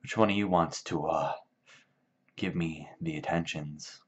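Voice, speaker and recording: A man's voice: very deep voice, unhurried, breathy edge, full character voice. A man doing a flirty, coaxing ranch wife. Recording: dull lo-fi sound.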